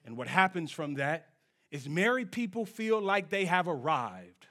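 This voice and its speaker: A man preaching a sermon in church, swinging from low, quiet lines to shouted peaks and drawing answers from the congregation. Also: big pitch swings, unhurried. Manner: call-and-response with the congregation. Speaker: pastor.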